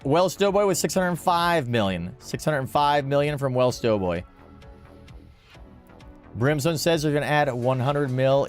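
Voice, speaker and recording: A man hosting a livestream, calling out bids in an auction with rhythmic, repeated phrases and upbeat chatter. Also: fairly high pitch. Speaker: livestream host running a charity-style auction. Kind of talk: live stream auction calling. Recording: music playing faintly behind. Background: faint background music.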